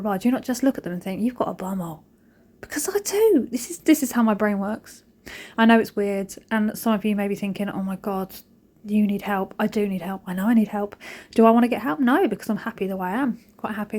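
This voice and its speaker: Chatty mum vlogging while cleaning. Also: female voice, medium pitch, darkish tone. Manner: chatty, cheeky, jokey storytelling. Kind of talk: casual chat over cleaning footage.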